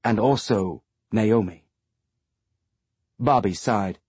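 A man narrating a science-fiction audiobook in a measured, even storytelling manner. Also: medium pitch, breathy edge, dry recording.

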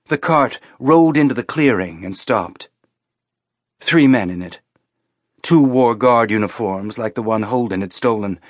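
A man narrating an audiobook in a steady storytelling voice, shifting voices for each character. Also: medium pitch, dry recording, clean studio sound. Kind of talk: scripted narration.

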